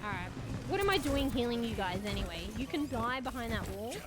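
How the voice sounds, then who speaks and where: A woman streaming a game in casual commentary, excitable, yelling for heals, swearing and laughing a lot. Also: fairly high pitch, fairly quick, background noise.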